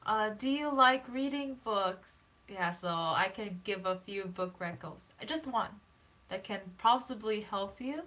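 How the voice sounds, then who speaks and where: A woman joins a casual live stream as a guest and speaks up with encouragement. She talks in a halting, heartfelt way at an ordinary pitch. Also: bright, forceful tone.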